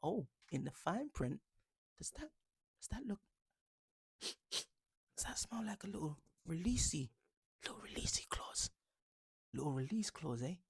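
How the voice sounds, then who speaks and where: A man's voice: on the high side, lively intonation, moderate pace, creaky, hardly any pauses, warm tone, husky, no echo, studio quality, exaggerated voice. A man imitating a smug male football pundit in a sly, teasing voice that sinks into a whisper. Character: smug male pundit gloating over a discovery.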